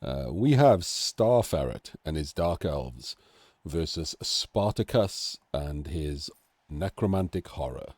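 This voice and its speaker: A Welshman with a very deep, darkish voice that's nasal and throaty chats casually through a game analysis while sick and coughing. He goes slowly but with lively intonation, tossing in self-deprecating asides, and the recording is dry.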